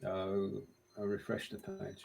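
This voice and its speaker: A man's voice: low-pitched, flat delivery, unhurried, gravelly, darkish tone, low-quality recording. A man co-hosting a casual live-stream show, chatting in a friendly, upbeat way as he runs a quiz and mutters to himself while working the screen share.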